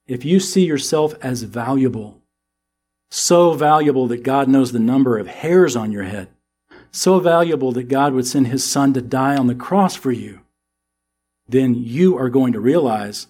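A middle-aged American man preaching a sermon as pastor, with animated delivery that climbs into emphatic questions. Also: mid-range voice, unhurried, husky.

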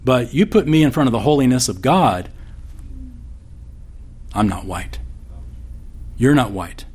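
A man's voice: mid-range voice, animated, measured pace, a little mellow, breathy edge. A man preaching a sermon as pastor, conversational and folksy, slipping in corny jokes.

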